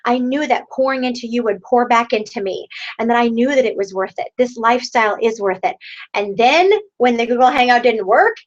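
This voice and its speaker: Over a dull, lo-fi video call, a thirtysomething sales leader rallies her team with a pep talk built on rhetorical questions asked again and again. She speaks a little high and a little fast.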